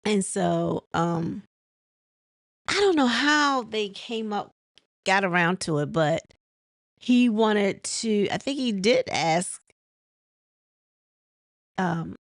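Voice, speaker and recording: A woman's voice: mid-range voice, animated, slow pace, long pauses, dry recording, clean studio sound. A woman chatting casually as she recaps a reality show episode, rambling with many ums and laughing as she mimics the cast. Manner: many fillers and restarts.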